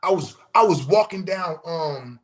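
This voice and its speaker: A middle-aged man in casual, profane storytelling on a podcast, animated and acting out what people said. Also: a little high, measured pace. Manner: profane, animated storyteller who acts out quotes. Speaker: podcast host.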